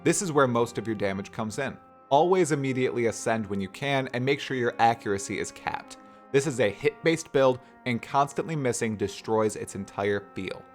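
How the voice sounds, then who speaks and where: A man's voice: mid-range voice, expressive, moderate pace, soft background music. A man hosting a gaming video, giving scripted commentary in a playful, enthusiastic, explanatory way. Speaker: gaming YouTuber host.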